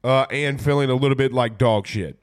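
A man's voice: mid-range voice, brisk, clear, resonant tone. A man with a stuffy, congested voice, hosting a casual sports talk show and rambling through viewer comments. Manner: laid-back, rambling with fillers. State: congested from a cold. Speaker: podcast host.

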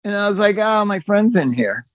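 A man telling stories in casual chat, animated and swearing, acting out what people said. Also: sits high, normal speed, no room sound. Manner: animated, swearing, acts out quotes.

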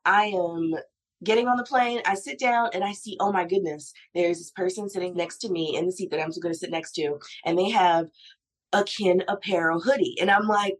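Upbeat lady hosting a podcast, gets really excited telling stories. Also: mid-range voice, a little fast. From Delaware, United States. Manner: enthusiastic, animated storyteller. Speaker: podcast host. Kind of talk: casual interview.

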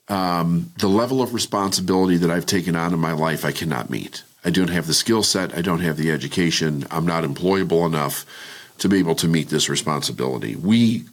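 A middle-aged man, a podcast guest, telling his life story candidly and reflectively, with frequent restarts. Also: low voice. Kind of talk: personal story in interview.

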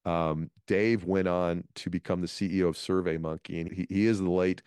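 Deep-voiced man telling career stories. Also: normal speed, smooth, no echo, clean studio sound. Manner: animated storyteller, restarts phrases. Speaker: guest, comedian. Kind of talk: storytelling interview talk.

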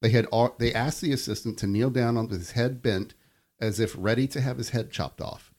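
A man's voice: medium pitch, fairly quick, a little mellow. A man co-hosting a podcast, reading creepy stories aloud between casual chat and laughing easily.

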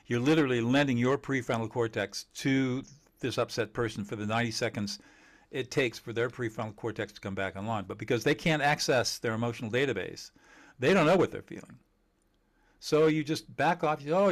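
A man teaching communication skills in an interview, emphatic and animated, laughing often and acting out quoted dialogue. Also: medium pitch, brisk. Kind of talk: conversational interview.

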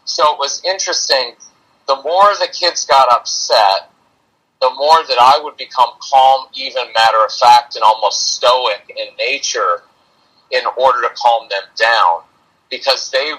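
A man talks through parenting ideas as a podcast guest, in an earnest, chatty way. His voice is bright and forward with a husky edge. Now and then he slips into quick impressions of frazzled parents. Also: medium pitch, poor audio. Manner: earnest, conversational, acts out parent and kid voices. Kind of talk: podcast conversation.

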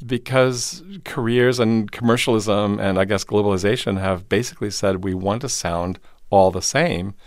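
A male professor speaking as an interview guest in a studio, with expansive, animated explanations. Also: fairly low pitch, normal speed, dry recording. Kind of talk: conversational interview.

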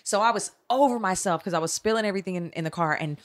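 A woman's voice: mid-range voice, racing, a crowd in the background. A woman in her thirties, a co-host and mother, speaking in an earnest, reflective way in casual chat.

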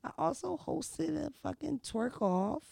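A woman, hosting a podcast and telling stories in a brash, profane, animated way. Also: high-pitched, a little slow, vocal fry, dry recording, studio quality. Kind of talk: casual storytelling chat.

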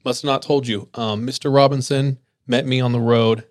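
A man's voice: mid-range voice, steady tone, moderate pace, no echo, clean studio sound, lightly acted. A man voicing a polite young paperboy who stammers apologies, in his own voice. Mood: apologetic.

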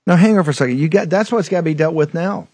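A man's voice: fairly high pitch, very fast, dark tone, breathy edge, dry recording. A man hosting a political talk show, delivering fiery, emphatic, repetitive commentary. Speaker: host.

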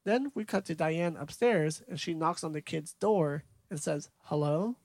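Gravelly laid-back man recapping a film. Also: on the high side, unhurried, a little mellow, no echo. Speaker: podcast co-host. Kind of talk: casual movie recap chat.

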